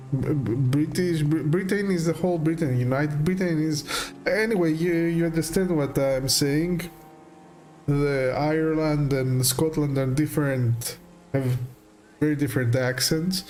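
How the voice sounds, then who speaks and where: A man chats his way through a game stream, slow and halting, full of fillers and restarts. His voice sits on the higher side. Faint game music plays behind him. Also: a little mellow. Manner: hesitant, many fillers and restarts, laughs often. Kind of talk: casual gameplay commentary.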